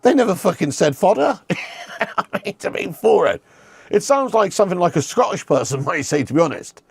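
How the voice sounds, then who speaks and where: A man's voice: sits high, expressive, a little fast, creaky, slightly rough, no echo, clean studio sound. A man hosting a live football watch-along, chatting with viewers, swearing and laughing as he reads their messages. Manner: banters with chat, swears, laughs often. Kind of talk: casual live-stream chat.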